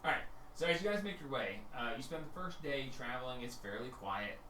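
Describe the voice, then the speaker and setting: Bright-voiced man running a tabletop game. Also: medium pitch, animated, fairly quick, distant mic. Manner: laid-back, rambling with fillers. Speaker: game master. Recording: echoey room, from off mic, faint noise.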